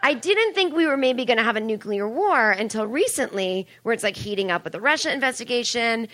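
A woman doing stand-up for a live club audience rambles along, performing the voices of everyone she quotes. She speaks briskly and animatedly, in a fairly high, somewhat bright voice.

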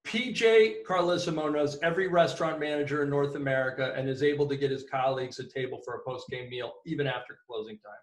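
A man interviewing a guest in a conversational, joking way. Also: mid-range voice. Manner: conversational, quick to react and joke. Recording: echoey room.

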